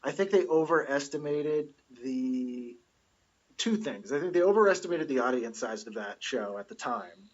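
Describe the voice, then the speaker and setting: A husky man in his forties, a comedian guesting on a casual podcast, who explains things in detail. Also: mid-range voice, expressive, moderate pace, lo-fi sound. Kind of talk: casual chat.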